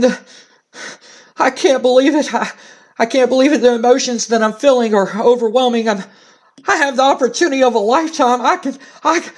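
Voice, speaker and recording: A man's voice: extremely high pitch, darkish tone, pitched above the performer's own voice. A man voicing a gushing underdog wrestler. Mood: overwhelmed. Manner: breathless, gushing, repeating himself. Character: tearful overjoyed underdog male wrestler. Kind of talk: let's play narration.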